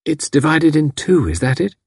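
A man's voice: a little high, big pitch swings, moderate pace, a little mellow, breathy edge, no room sound, clean studio sound, voice pushed up, full character voice. A man reading aloud, voicing a polite, curious lady who hesitates as she explains herself. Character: polite, curious middle-aged lady visitor.

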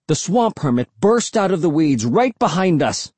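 An audiobook narrator giving a dramatic, expressive first-person reading. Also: mid-range voice, moderate pace, hardly any pauses, husky, no room sound.

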